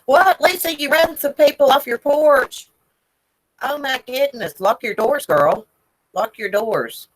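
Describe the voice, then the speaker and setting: A woman's voice: high voice, lively intonation, unhurried, no echo, poor audio. A woman from Northern Virginia hosting a casual live stream, chatting and greeting viewers by name. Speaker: livestream host.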